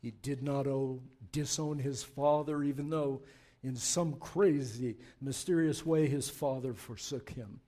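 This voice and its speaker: A man preaching a sermon as pastor, passionate and urgent, dropping to a hushed, soft prayer. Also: medium pitch, steady tone, measured pace. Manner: impassioned preaching, swinging from loud urging to hushed prayer. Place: church.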